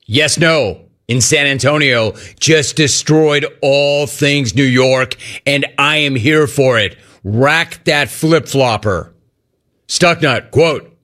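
A man hosting sports talk radio, reading listener messages in an animated, quick delivery. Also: mid-range voice.

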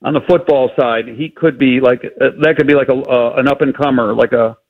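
A man's voice: mid-range voice, steady tone, a little fast. A man calling into a sports radio show, rambling through suggestions with many fillers. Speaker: caller. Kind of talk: radio call-in. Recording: dull phone-in line.

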